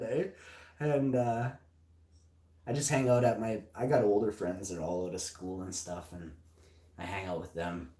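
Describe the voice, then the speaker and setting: A man's voice: mid-range voice, steady tone, moderate pace. Foul-mouthed man, roomy echo. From Canada. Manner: heavy swearing, loud and heated. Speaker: podcast host. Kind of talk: livestream storytelling.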